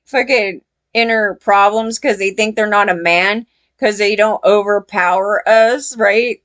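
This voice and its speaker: A woman talking straight to her audience in loose commentary. She is blunt and profane, full of "like" and "you know", and her voice leaps up when something outrages her. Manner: blunt, profane, rambling with many fillers; animated, jumps in pitch when outraged. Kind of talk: casual reaction commentary.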